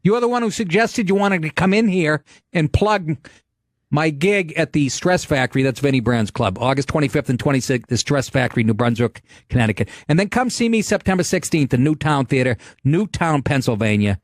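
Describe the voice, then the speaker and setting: A middle-aged male comedian hosts a casual podcast, telling stories in a brash, profane and animated way. His voice sits a bit high for a man. It is recorded on a close, dry studio mic. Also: brisk, no echo.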